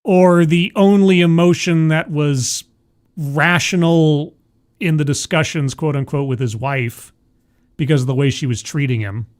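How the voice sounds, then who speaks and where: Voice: mid-range voice, measured pace. A streamer doing sarcastic, exasperated commentary on a video during a live stream.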